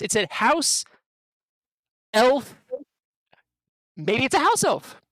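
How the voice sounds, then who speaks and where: Animated, joking game master. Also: medium pitch, takes it slowly, pauses often, no room sound, rough recording. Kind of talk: narrating a tabletop game.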